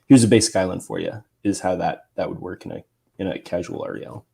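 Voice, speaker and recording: Casting: a very deep-voiced male judge with a dark, husky rasp who explains rules calmly and deliberately. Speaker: game rules judge, guest. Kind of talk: explanatory chat.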